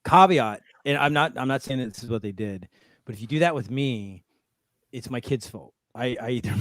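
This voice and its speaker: A man in a casual chat, animated and self-deprecating, laughing often as he talks. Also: mid-range voice, no room sound. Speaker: guest developer.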